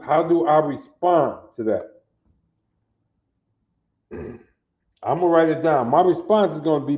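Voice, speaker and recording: A man with a Detroit accent teaching a Hebrew phrase class, talking slowly with slangy repetition and checking that his students follow. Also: fairly high pitch. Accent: Detroit African American Vernacular English. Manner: slow, repetitive, street-slang teaching with call-and-response questions. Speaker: language teacher. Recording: echoey room, dull lo-fi sound.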